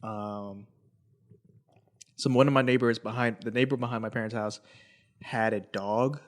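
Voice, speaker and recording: A man's voice: fairly low pitch, fairly even intonation, normal speed. A young adult man co-hosting a casual podcast chat, telling stories about his childhood and mimicking the voices of people in them. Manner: storytelling, quotes people in a raised voice. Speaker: podcast co-host.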